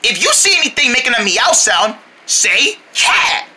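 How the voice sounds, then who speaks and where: Woman, kids' cartoon storyteller: very animated, bright and a little husky, playful. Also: on the high side, a little slow. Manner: playful and excitable, calls out to the audience. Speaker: children's video storyteller. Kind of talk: animated voice acting for kids, talking to the viewers.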